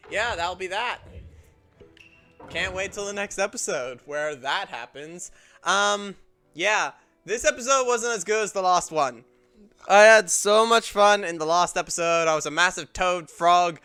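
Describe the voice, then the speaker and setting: A young man talking through his gameplay in a playful, joking way. His voice is high, bright and clean, with faint game music underneath. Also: smooth. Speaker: gameplay streamer. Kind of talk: casual let's play commentary.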